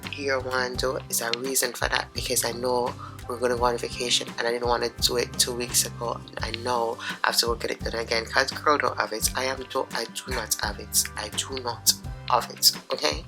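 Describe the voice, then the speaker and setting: A middle-aged woman with a Jamaican accent chatting to camera in her home office, hoarse and raspy from being sick, chatty and talking to herself in asides. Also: very deep voice, level tone, brisk, over music, rough recording. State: hoarse, sick with sore throat. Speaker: vlogger. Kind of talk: casual vlog chat to camera.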